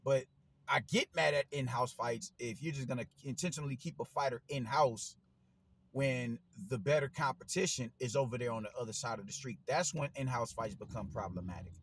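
A man, giving a casual opinion monologue as a boxing commentator, animated and slangy, swearing and repeating himself. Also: mid-range voice, fairly quick, a little hiss or hum, poor audio.

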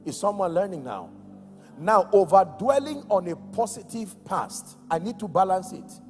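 A Nigerian man preaching a sermon with emphasis, going from shouted calls to quiet, low words and asking the congregation questions. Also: expressive, moderate pace. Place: large church hall. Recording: echoey church hall with soft music.

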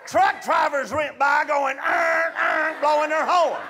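Shouting over crowd noise in a loud comedy venue, this male comedian has a very high-pitched voice and an unhurried delivery. He animatedly performs a stand-up story for a live audience, imitating the voices of his family members.

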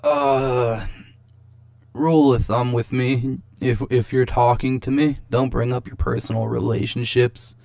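A man's voice: mid-range voice, fairly even intonation, a little slow, creaky, a little mellow. A young man hosting a show, reacting to a debate clip in casual, rambling commentary, exasperated and swearing often.

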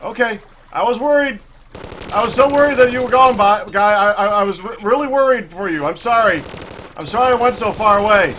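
A gaming channel host with a high-pitched, fairly bright voice commentates live on his own gameplay a little fast, talking frantically, then stammering and getting sarcastic when things go wrong. There's a little hiss or hum.

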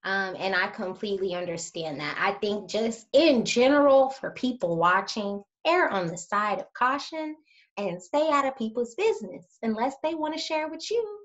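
A woman co-hosting a casual chat video, telling stories in an animated way and talking straight to the viewers. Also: a little high, moderate pace, muffled recording. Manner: animated storyteller, addresses viewers directly.

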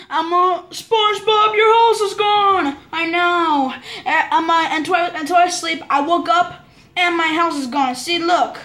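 A female speaker improvising a toy play-acting story in a halting, stammering way. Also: high voice, pushed and bright.

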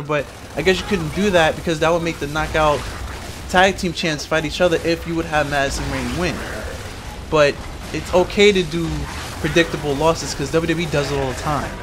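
Male podcast host, exasperated and rambling, a bit high-pitched, noisy home recording. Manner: exasperated ranting, frequent restarts. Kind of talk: casual wrestling recap podcast.

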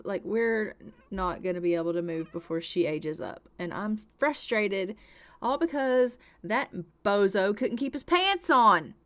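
A woman's voice: medium pitch, expressive, unhurried. A young woman giving chatty, exasperated and dramatic commentary over a life-sim game. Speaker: let's play host.

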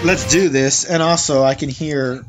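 A man's voice: mid-range voice, measured pace. A young man hosting a gaming channel, rambling through casual gameplay commentary and swearing when the game goes wrong. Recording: game music in background. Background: game music.

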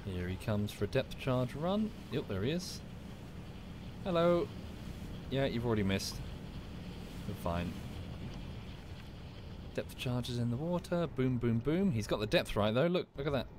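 A man's voice: medium pitch, expressive, unhurried, long pauses, background noise. A man from the UK chatting casually while streaming a game, with dry muttered asides. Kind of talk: casual gameplay commentary.

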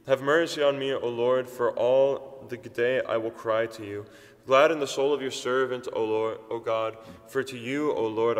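A man reciting psalms at a steady pace during a church service, then chanting the refrains. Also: medium pitch. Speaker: church reader. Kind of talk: liturgical psalm reading and chanting. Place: large church. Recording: long church reverb.

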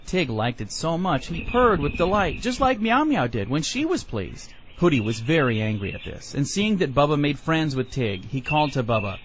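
A lively man reading a fairy tale. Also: on the high side, moderate pace, a little hiss or hum. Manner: expressive, animated reading. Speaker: storyteller. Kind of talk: storybook narration.

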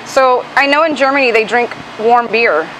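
A woman's voice: a little high, moderate pace, a bit bright, slight background noise, rough recording. A woman co-hosting a beer show, chatty and enthusiastic, rambling a little as she talks. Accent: American. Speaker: co-host. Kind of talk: casual chat on a beer show. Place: brewery.

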